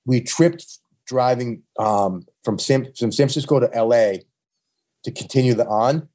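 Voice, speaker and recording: A man with a New York accent tells wild tour stories in a husky, dark voice. His delivery is loose and profane, full of restarts and asides. The tone is easy, casual chat. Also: mid-range voice, a little slow. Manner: profane rambling anecdotes with frequent restarts. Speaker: touring punk musician guest. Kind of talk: casual storytelling.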